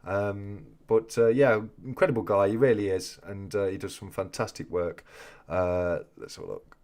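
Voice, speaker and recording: A man's voice: on the low side, steady tone, normal speed, darkish tone. A man hosting a casual live chat, joking and reading out viewer comments. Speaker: host of a coin-collecting live chat.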